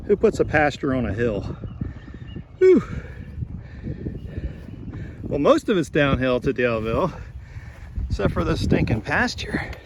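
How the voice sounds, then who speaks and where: A man's voice: on the high side, sing-song, measured pace, pauses often, noisy background. A man hiking a trail, giving laid-back, matter-of-fact updates on the distance left. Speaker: hiker. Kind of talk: casual trail vlog updates.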